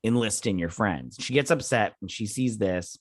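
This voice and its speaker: Sipping coffee early in the morning, a man casually recaps a TV episode, rambling through the plot and paraphrasing scenes with lots of fillers and restarts. His lowish voice moves at a moderate pace, recorded at studio quality with no echo.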